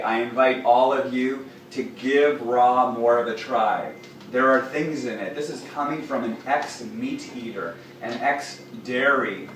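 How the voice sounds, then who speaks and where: A man hosting a raw food cooking show, talking playfully and warmly and chatting to his cat as he prepares a dish in a home kitchen. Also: mid-range voice, a little hiss or hum. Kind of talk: casual cooking demonstration. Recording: very echoey room, distant mic, faint ambience.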